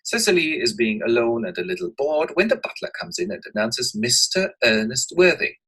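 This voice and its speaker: A man telling the story of a play in a lively, animated narration, as if teaching a lesson. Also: mid-range voice, a little fast, slightly rough, poor audio. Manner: lively and expressive.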